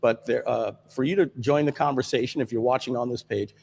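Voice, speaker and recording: A man hosting a live software stream from a studio, talking casually with lots of fillers and restarts. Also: mid-range voice, a little fast, creaky, breathy edge, big-room sound. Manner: rambling with many fillers and restarts. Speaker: livestream host.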